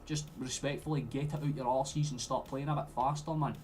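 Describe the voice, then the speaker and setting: A young Scottish man streaming a football watchalong, chatting and swearing freely, with sudden loud outbursts at the play. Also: mid-range voice, fairly even intonation, fairly quick, a little hiss or hum. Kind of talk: live match commentary to chat.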